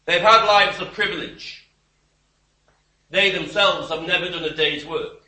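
A man's voice: high voice, a little slow, bright, forceful tone. A man preaching an expository sermon, with wry, emphatic and scornful asides. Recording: roomy, distant church mic.

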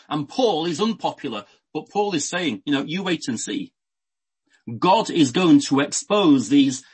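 A man's voice: on the high side, slightly rough, poor audio. A man preaching a sermon, explaining a Bible passage in an unscripted way with everyday examples and frequent restarts.

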